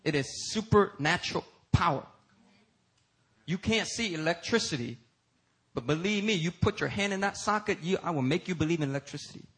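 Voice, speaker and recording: A male pastor delivers a sermon with a bright, forceful edge and a slightly husky grain. His voice sits a little high for a man. He swings from loud, emphatic peaks down to low, intense stretches. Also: lively intonation, fairly quick.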